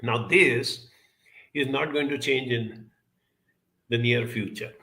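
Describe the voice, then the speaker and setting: A man's voice: mid-range voice, fairly even intonation, slow pace, sharp tone. A middle-aged man giving an earnest reflective talk and telling a story from his childhood. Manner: earnest, storytelling, addresses listeners directly. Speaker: speaker.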